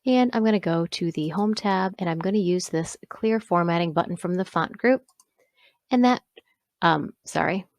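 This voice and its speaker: A woman instructor talking through a software exercise step by step, pausing to correct herself along the way. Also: on the low side, no echo. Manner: step-by-step, self-correcting with small asides. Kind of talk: screen-recorded software walkthrough.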